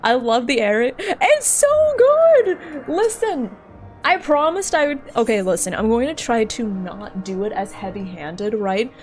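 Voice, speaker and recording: Her voice a little high and expressive at normal speed, a woman plays a game live on stream. She's giggly and playful, chatting with her audience and practising pronunciations.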